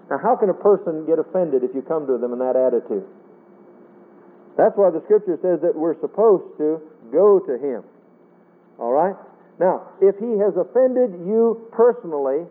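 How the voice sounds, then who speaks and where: High-voiced preacher on tinny radio. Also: male voice, animated, normal speed. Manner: earnest, pleading, quotes scripture in King James wording. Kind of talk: sermon. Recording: tinny phone-like radio broadcast.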